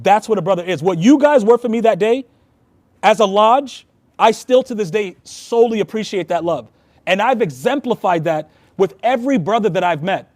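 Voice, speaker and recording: A man's voice: sits high, expressive, moderate pace, darkish tone, dry recording. A man, a Freemason and past master, earnestly telling heartfelt stories in a casual conversation.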